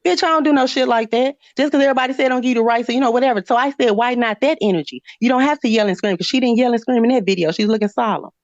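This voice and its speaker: A woman's voice: on the high side, racing, hardly any pauses, no room sound. A woman in a heated live-stream argument, blunt and profane, repeating her point over and over. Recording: slightly muffled, dry.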